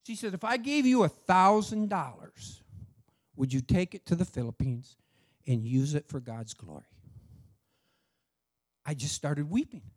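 A middle-aged man tells a testimony story from the pulpit. His voice sits high and swings widely as he acts out each exchange. He speaks with lively, heartfelt energy. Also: moderate pace. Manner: animated storyteller acting out dialogue. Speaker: church speaker sharing a testimony.

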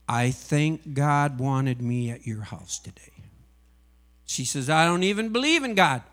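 A UPS driver and missionary shares his personal religious testimony, emotionally storytelling and acting out every character's lines. His voice is on the high side and fairly bright.

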